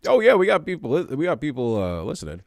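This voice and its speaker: A man co-hosting a loose podcast, cursing freely as he jokes and riffs. His voice rises and falls in an animated way. The sound is dry and close. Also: on the high side, fast talker, creaky, no echo. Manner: profane, joking banter. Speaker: podcast co-host. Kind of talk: casual chat.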